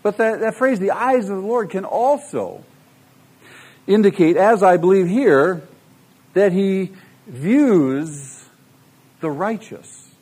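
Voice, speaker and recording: A man's voice: high voice, expressive, slow, long pauses, darkish tone, husky. A middle-aged man preaching a sermon, emphatic and full of rhetorical questions to the congregation. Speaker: pastor.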